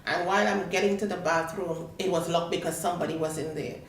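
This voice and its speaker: A woman tells her story as a talk show guest and acts out the voices of the people in it. Her voice sits on the low side. She is recorded in a roomy space from a distant mic, with faint noise behind her. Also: steady tone, fast talker. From Tobago. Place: studio.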